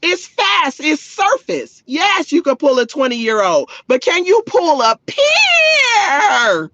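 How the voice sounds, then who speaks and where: A woman's voice: sits high, very animated, unhurried, fairly bright tone, no echo, dull audio. A woman hosting a livestream in a sassy, mocking way, talking to her chat. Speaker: livestream host. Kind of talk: livestream chat reacting to viewers.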